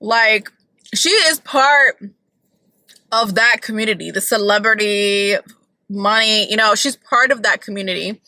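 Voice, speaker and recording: A woman's voice: mid-range voice, measured pace, pushed and bright, dry recording, poor audio. A woman vlogging from her car, chatting casually and opinionatedly about celebrity gossip with lots of "like".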